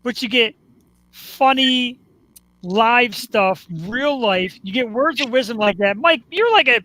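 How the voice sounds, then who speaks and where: A man's voice: very high voice, lively intonation, slow, bright, forceful tone, low-quality recording. A man hosting a live show, chatting casually with his guest in an upbeat, joking way. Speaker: host. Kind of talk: casual talk-show chat.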